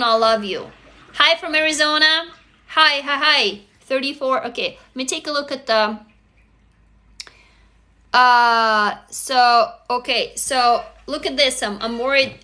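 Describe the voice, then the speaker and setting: A woman in her forties speaks on a casual live stream in a high, bright voice. She talks frankly and emphatically and swears freely. Between points she reads out and answers her viewers' comments. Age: 40s. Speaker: live stream host leading a writing group.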